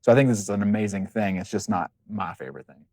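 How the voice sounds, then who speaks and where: A man with a lower voice talks casually with his co-host in a close, dry recording. He jokes, leans hard on his points and repeats himself as he makes them. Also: quick pace, darkish tone, no room sound. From West Virginia. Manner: joking, emphatic, repeats himself. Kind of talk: casual chat.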